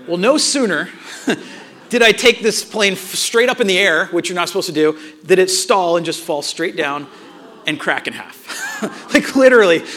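A man preaching a sermon, telling a family story in an animated way and acting out the dialogue, with frequent restarts. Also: high-pitched. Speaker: pastor.

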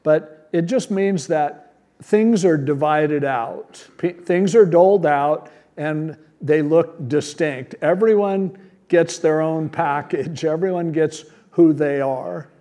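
Taking it slowly, a pastor with a slightly high voice and a dark tone preaches his sermon. He goes verse by verse in a conversational, plain-spoken manner, asking rhetorical questions.

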